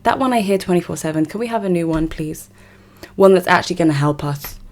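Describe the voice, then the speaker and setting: Speaking at a quick pace with lively intonation, this fairly low-pitched young woman vlogs to camera in a South London English accent. She's from South West London, England, and reacts to her viewers with casual, emphatic disbelief.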